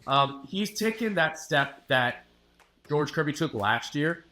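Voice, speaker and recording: A man, a newspaper sports reporter, giving measured, confident analysis as a guest on a casual podcast chat. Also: a little high, expressive, bright, forceful tone.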